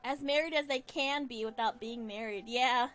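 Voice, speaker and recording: A woman's voice: fairly high pitch, moderate pace, a bit bright, soft background music. A woman streamer chatting casually while playing a game, giggly, rambling and self-deprecating. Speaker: streamer and voice actor.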